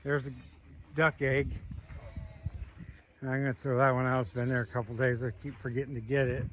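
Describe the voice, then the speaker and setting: A man's voice: medium pitch, little pitch movement, brisk, a little hiss or hum. A man walking around his small farm outdoors, chatting casually and talking sweetly to his goats. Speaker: homesteader showing his animals. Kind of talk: casual farm walkthrough vlog.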